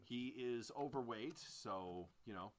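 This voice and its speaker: A man co-hosting a podcast, chatting casually as he recaps and reviews a film in a rambling, animated way. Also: medium pitch, takes it slowly. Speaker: podcast co-host. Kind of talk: casual movie review chat.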